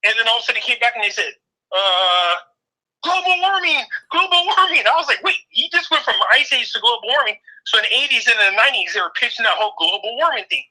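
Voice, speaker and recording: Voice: mid-range voice, animated, racing, few pauses, bright, forceful tone, poor audio. An older co-host in casual political chat, opinionated and mocking the people being quoted.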